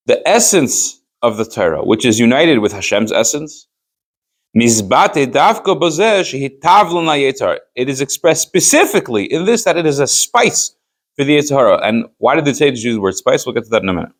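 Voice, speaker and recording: At a moderate pace, a rabbi with an expressive, medium-pitched voice teaches a Chassidus class. He reads lines aloud, translates them, and explains them with pointed rhetorical questions in this Torah study session.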